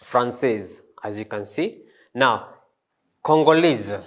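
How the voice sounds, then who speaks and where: A man teaching a French language lesson, slow and hesitant, with many fillers and restarts. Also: medium pitch. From East Africa. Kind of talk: classroom lesson.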